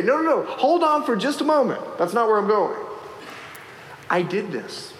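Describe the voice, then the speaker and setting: A man, a pastor preaching a sermon and telling a story with lively acted-out voices. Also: high voice, normal speed, slight background noise. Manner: animated storytelling, acting out voices in the anecdote. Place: church sanctuary. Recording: echoey hall, faint ambience.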